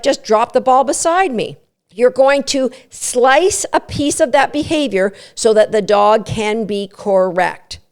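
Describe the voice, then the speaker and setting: A middle-aged woman hosting a dog training podcast, explaining methods in an emphatic, coaching tone with quick asides. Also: on the high side, a little mellow, clean tone. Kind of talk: instructional podcast talk.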